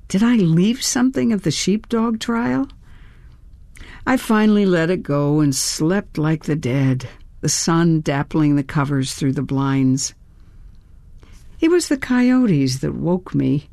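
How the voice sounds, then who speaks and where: Slow, measured woman narrating a story. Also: low voice, mellow, no room sound, studio quality. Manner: measured storytelling, tense in action scenes. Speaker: audiobook narrator. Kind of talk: first-person audiobook narration.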